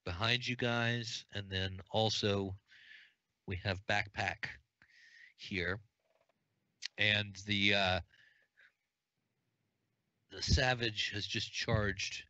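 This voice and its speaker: A man running a tabletop game as game master, relaxed and chatty, thinking aloud with fillers. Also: fairly low pitch, dry recording. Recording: dull, dry lo-fi sound.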